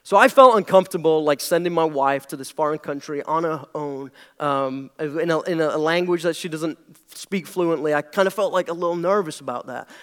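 A man's voice: fairly high pitch, brisk, clear, resonant tone. A young British man preaching a sermon to his congregation in a chatty, joking way. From Britain. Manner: conversational and jokey, leaning into his words. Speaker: pastor. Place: church hall before a congregation.

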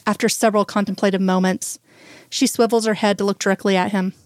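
A woman narrating a romance novel in an even, unhurried storytelling manner. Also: mid-range voice, no echo, clean studio sound.

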